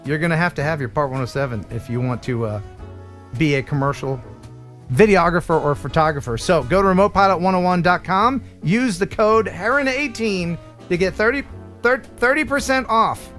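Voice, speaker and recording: A man's voice: sits high, moderate pace, fairly bright tone, faint music behind. A man from the United States hosting a casual livestream, chatting, joking and reading sponsor spots with enthusiasm. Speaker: livestream host.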